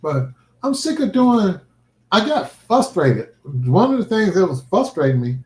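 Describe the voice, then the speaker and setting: A man's voice: high-pitched, very animated, a little slow. A man livestreaming a vlog, talking in an earnest, emphatic, preacherly way about faith and his life. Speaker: livestreaming vlogger. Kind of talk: casual heartfelt livestream talk. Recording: roomy echo.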